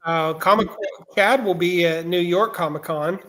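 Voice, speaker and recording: Male comics podcast host, high-pitched, relaxed interviewer on a remote stream. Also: unhurried, a little hiss or hum. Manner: relaxed, asks rambling questions. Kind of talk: casual interview. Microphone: remote stream call.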